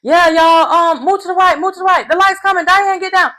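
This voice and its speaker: A man's voice: very high voice, steady tone, brisk, pushed and bright, pitched above the performer's own voice. A woman doing a lazy young guy barking orders. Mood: bossy. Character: lazy young man calling out from sidelines.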